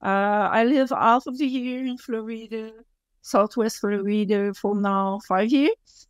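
A Quebec City woman in her fifties, a guest in a casual interview, speaks English with a French Canadian accent. She is blunt and emphatic, with deliberate phrasing. Her voice is on the high side with a clean tone and no echo.

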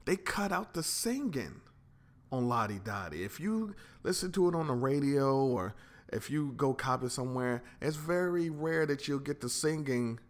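A man's voice: medium pitch, expressive, moderate pace. A man hosting a music countdown, talking casually and conversationally as he explains a track. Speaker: host. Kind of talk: casual commentary.

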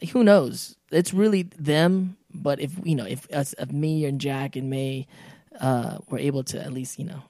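A man's voice: mid-range voice, normal speed, dry recording, clean studio sound. A man talking as a voice actor guest in a casual podcast chat, acting out quotes with lots of fillers and restarts. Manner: animated, acts out quotes, many fillers and restarts.

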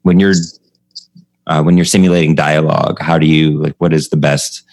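A man with a very deep voice talks loosely about writing jokes and performing on stage. He laughs often and gets animated when he tells a story. The sound is dry and close. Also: moderate pace, dry recording. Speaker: comedian and podcast host. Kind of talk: casual chat about comedy craft.

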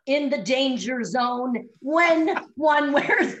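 A middle-aged woman telling lively stories in a casual chat, laughing often as she talks. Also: high-pitched, drawn-out words, low-quality recording. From Chicago area. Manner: animated storyteller, laughs often.

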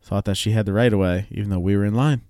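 Profane, laughing podcast co-host, dry mic. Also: male voice, on the low side, fairly even intonation, rapid-fire, mellow, dry recording. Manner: profane, storytelling, laughs often. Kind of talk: casual chat.

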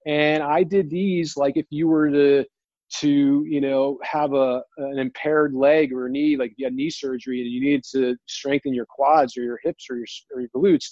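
A man earnestly telling a personal story, near tears, halting and restarting often. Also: mid-range voice, fairly even intonation, darkish tone, dry recording, muffled recording. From New Jersey. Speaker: guest.

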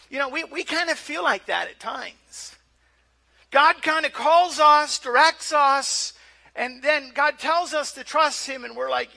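A man's voice: very high-pitched, unhurried, gravelly, bright, forceful tone. A male pastor preaching a sermon in a conversational way, often repeating words as he starts a phrase.

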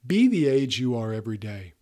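Man, 50s, podcast host, motivational talk, earnest, emphatic, mid-pitched. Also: sing-song, brisk, mellow. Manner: earnest and emphatic, directly coaching listeners.

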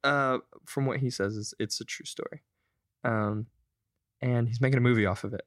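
A man's voice: mid-range voice, fairly even intonation, normal speed, dry recording, clean studio sound. A young man co-hosting a podcast, telling stories loosely and swearing freely in casual chat. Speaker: podcast co-host.

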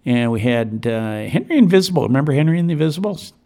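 A man's voice: mid-range voice, lively intonation, quick pace, gravelly, warm tone. A man hosting a community radio show from the studio, talking casually and enthusiastically in a rambling way. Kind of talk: casual on-air radio talk.

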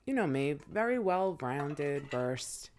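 A woman co-hosting a podcast as a guest, telling gossip stories in a relaxed, chatty way. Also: sits low, slow pace. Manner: laid-back, chatty storyteller. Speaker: guest co-host. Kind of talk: casual podcast chat.

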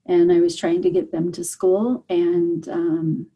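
A woman telling her personal story as an interview guest, earnest and halting, with many fillers and restarts. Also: on the low side, level tone, slightly rough, lo-fi sound. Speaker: guest, parent.

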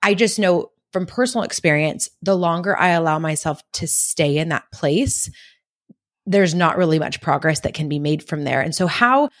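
Deep-voiced woman hosting a podcast, soft and affirming, asks thoughtful questions. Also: animated, normal speed. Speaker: podcast host. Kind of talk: conversational interview.

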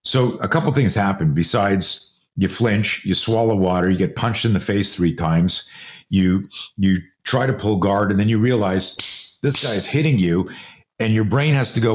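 A man's voice: lowish voice, a little slow. A man in his sixties who grew up in Canada, a guest on a podcast interview, telling stories emphatically and acting out scenes with quoted voices. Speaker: guest, self-defense instructor. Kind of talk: animated storytelling in a podcast interview.

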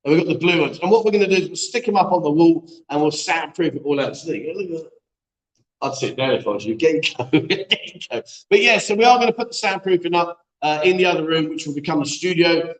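A chatty man hosts a live-stream show, joking with his co-host and reading out viewer messages. His voice sits fairly high, and the room around him rings with echo. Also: expressive, fast talker. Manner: chatty, jokey banter, reads viewer comments aloud. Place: echoey room being set up as a studio. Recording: echoey room.

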